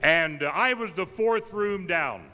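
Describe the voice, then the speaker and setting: Older man, evangelist, raised pitch, folksy humorous storyteller, long hall reverb. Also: measured pace. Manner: humorous anecdotal, with deadpan punchlines. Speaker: evangelist giving a tribute. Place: large camp meeting hall. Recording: live in a big reverberant hall.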